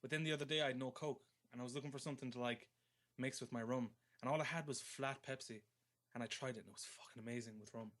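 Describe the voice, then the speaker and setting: A man's voice: mid-range voice, steady tone, fast talker, fairly bright tone. Crude, laid-back male co-host. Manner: crude, laughing, swears freely. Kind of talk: casual chat on an internet radio show.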